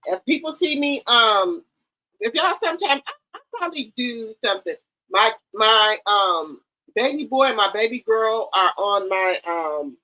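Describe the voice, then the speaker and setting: A woman's voice: medium pitch, bright, forceful tone, highs cut off. A middle-aged woman hosting a casual livestream, talking bluntly to her viewers and repeating herself for emphasis. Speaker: livestream host.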